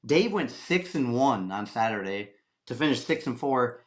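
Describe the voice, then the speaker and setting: A man of ordinary pitch chats easily on a sports podcast, laughing often as he reads off the standings. His tone stays relaxed and conversational. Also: normal speed. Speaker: podcast co-host tracking picks. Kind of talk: casual sports banter.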